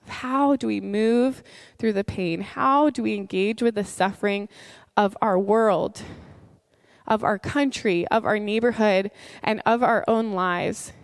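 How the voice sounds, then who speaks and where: A woman in her thirties preaching a sermon in an earnest, conversational storytelling manner, with heartfelt warmth. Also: mid-range voice, steady tone, unhurried, no room sound, studio quality. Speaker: pastor.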